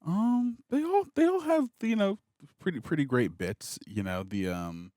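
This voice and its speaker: A man co-hosting a movie reaction show, chatting casually in a relaxed way. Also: a little high, unhurried, no echo, clean studio sound. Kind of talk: casual chat.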